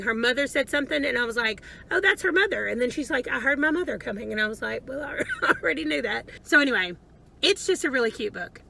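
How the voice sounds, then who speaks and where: A woman's voice: fairly high pitch, vocal fry, sharp tone, rough recording. A woman chatting casually about a book she read, rambling and chatty. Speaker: book vlogger. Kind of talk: casual book review chat.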